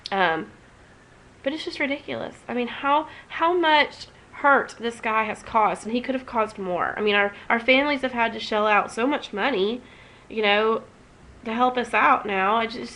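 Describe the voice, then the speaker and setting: A woman's voice: mid-range voice, creaky, fairly bright tone, rough recording. A young woman vlogging at home, talking emotionally and rambling with many restarts. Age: young adult. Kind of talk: casual emotional vlog.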